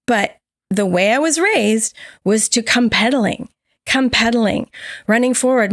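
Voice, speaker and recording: In a fairly high-pitched voice at a moderate pace, a woman co-hosts a podcast and candidly relates a personal story. She animatedly performs the voices of others in it. The audio has no echo and is studio quality.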